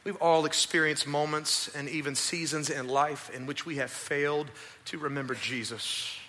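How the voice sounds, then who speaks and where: A male pastor preaching a sermon at a church service, animated and acting out voices. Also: fairly high pitch, normal speed. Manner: animated, acts out voices and asides.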